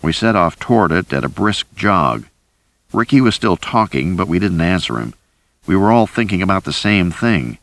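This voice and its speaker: Deep-voiced man narrating a thriller. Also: moderate pace, no room sound. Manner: deep, steady, lively delivery. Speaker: audiobook narrator. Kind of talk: scripted first-person narration.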